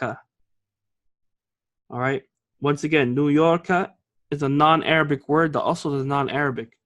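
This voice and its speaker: A man's voice: a little high, fairly even intonation, fairly bright tone. A man teaching an Arabic grammar lesson, explaining patiently and often checking with the class. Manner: reads example lines slowly and clearly.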